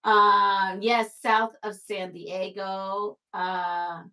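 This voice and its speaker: A woman's voice: medium pitch, flat delivery, very slow, bright, forceful tone. A woman from Brooklyn hosting a casual live stream, chatting, reading viewer comments aloud and laughing often. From Brooklyn, New York.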